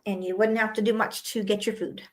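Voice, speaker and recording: A woman's voice: mid-range voice, flat delivery, fairly quick. A woman co-hosting a casual live chat, asking questions and giving brief, encouraging replies.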